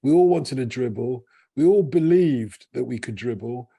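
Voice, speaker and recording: Husky guy on a footy podcast, thinks out loud, circles back to his point. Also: medium pitch, lively intonation, moderate pace. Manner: reflective, talks around a point and restarts. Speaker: podcast co-host. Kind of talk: casual football chat.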